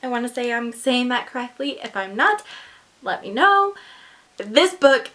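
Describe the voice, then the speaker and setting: A woman chatting casually through an unboxing, gushing and excitable, with gasps and whispered asides. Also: on the high side, moderate pace. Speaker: book vlogger.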